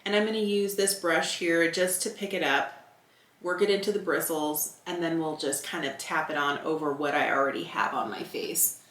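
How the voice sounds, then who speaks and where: A woman's voice: low voice, normal speed, fairly bright tone. Chatty woman in her fifties, roomy sound. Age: 50s. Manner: candid, thinking aloud, chatty. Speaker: beauty vlogger. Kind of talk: casual product review while applying makeup. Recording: roomy echo.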